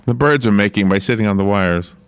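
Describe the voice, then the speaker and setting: A man's voice: fairly low pitch, a little fast. A man hosting a morning radio show, chatting casually and rambling with restarts, easily amused. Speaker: radio host.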